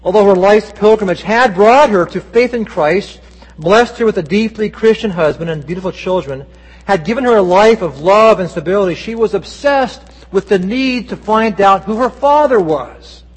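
A pastor with a high-pitched, breathy-edged voice preaches a Sunday sermon at a moderate pace. He tells stories earnestly, acting out quoted lines with feeling, while the church sanctuary gives his voice a long reverb.

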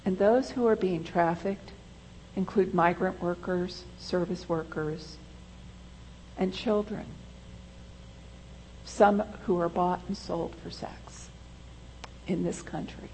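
A woman pastor delivering a sermon in a church, slow and deliberate, with emphatic rises. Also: on the low side, fairly even intonation, a little mellow, a little hiss or hum, poor audio.

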